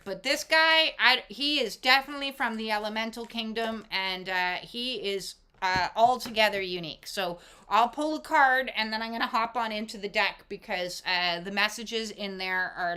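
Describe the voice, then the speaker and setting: A woman's voice: medium pitch, pushed and bright, smooth. A woman doing a casual oracle card reading, talking emphatically with lots of fillers and casual swearing. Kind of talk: casual spiritual talk to camera.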